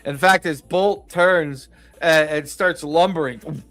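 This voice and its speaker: Slightly high-voiced guy gm-ing over a call, lots of ums, faint music under him. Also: takes it slowly, fairly bright tone. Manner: chuckling, loose, filler-heavy narration. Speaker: game master. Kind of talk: narrating a tabletop game over a call.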